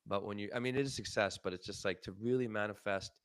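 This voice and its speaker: A man's voice: on the low side, fast, fairly bright tone, smooth, no room sound, clean studio sound. A man co-hosting a podcast and coaching, talking in an earnest, reflective way with many fillers. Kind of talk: casual podcast chat.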